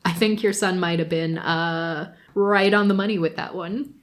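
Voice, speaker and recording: A woman's voice: lowish voice, fairly even intonation, normal speed. A woman co-hosting a podcast, casually recapping reality shows, laughing often and swearing freely. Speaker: podcast co-host.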